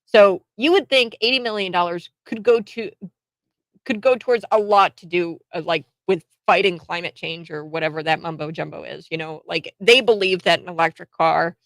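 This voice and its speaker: A woman hosting a radio talk show, giving animated, mocking political opinions with frequent restarts. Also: lowish voice, normal speed, dry recording. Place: radio studio.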